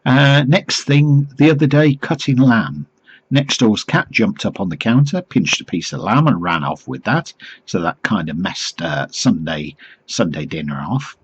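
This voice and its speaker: A man's voice: lowish voice, expressive, a little slow, highs cut off, a little hiss or hum. A middle-aged man, chatting to camera with dry, self-mocking humour. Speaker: vlogger talking to group members. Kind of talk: casual chat to camera.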